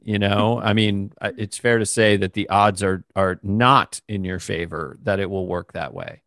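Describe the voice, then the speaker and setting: A man's voice: fairly low pitch, fairly even intonation, moderate pace, a bit bright, no echo, clean studio sound. A man hosting an interview podcast, a former touring musician who chats casually and encourages his guest. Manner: encouraging, lots of short agreements.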